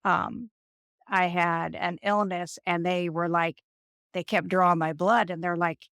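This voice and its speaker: A woman in her fifties, a nurse, telling stories in an interview and acting out the people she quotes in an animated way. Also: on the low side, a little slow, dry recording, studio quality. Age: 50s. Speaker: nurse and guest. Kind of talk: storytelling interview.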